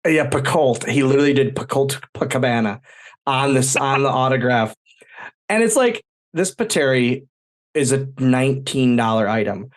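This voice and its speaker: Male host, relaxed, agreeable, casual conversational delivery. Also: mid-range voice, moderate pace. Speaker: podcast host. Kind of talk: casual chat.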